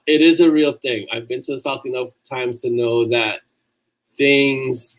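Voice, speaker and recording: A man's voice: on the high side, rough recording. A man with a New York accent hosting a casual livestream, reading viewer comments aloud and answering them in a chatty way. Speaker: livestream host answering chat.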